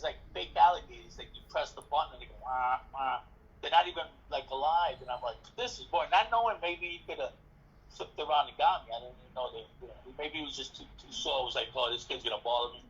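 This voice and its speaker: A man being interviewed, telling a story in a casual, animated way, acting out dialogue and swearing freely. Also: on the high side, slightly rough. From New York City. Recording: dull lo-fi recording.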